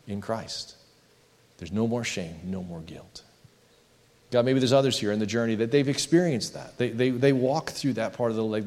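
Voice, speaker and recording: A man preaching as a pastor and leading an earnest closing prayer, slowing down on the words he wants to land. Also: mid-range voice. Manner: earnest, pleading, slows on key phrases. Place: church sanctuary. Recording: long hall reverb.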